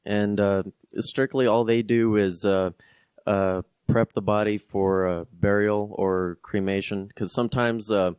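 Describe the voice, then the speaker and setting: A man with a very low, smooth and resonant voice speaks as a podcast guest, explaining things plainly and stopping often to find the word. His voice sounds close and dry, with no room around it. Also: fairly even intonation, a little mellow, no echo. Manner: measured, explains plainly with many "uh" pauses. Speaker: podcast guest, funeral home worker. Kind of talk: casual interview chat.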